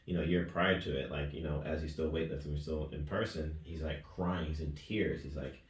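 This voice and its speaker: A man's voice: very deep voice, steady tone, brisk. A man, a youth weightlifting coach, telling a long story in casual interview talk. He rambles earnestly and ends phrases with "right?" and "man". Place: gym. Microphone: distant mic. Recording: echoey gym recorded from a distance, faint noise.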